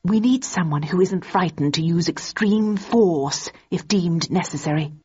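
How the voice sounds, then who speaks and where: A woman's voice: fairly low pitch, a little slow, darkish tone, husky. A woman voicing a stiff, awkward man of about thirty who speaks grandly and formally. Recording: dull, muffled recording.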